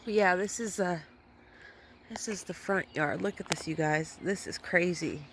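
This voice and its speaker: This vlogger chats casually about gardening outdoors in her front yard, filming on a handheld phone and swearing now and then when something annoys her. She speaks at a moderate pace in a fairly low voice, with background noise.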